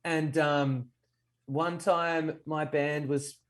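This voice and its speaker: A male guest bass player telling an easygoing, self-mocking story in casual chat. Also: flat delivery, very slow.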